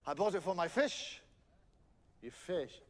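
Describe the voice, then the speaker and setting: An excitable Scottish alien wanderer. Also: male voice, high voice, measured pace, noisy background. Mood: playful. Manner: animated, theatrical, jumps between wry and excited. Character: eccentric alien time traveller man, excitable. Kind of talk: TV series acting. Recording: TV clip with score underneath.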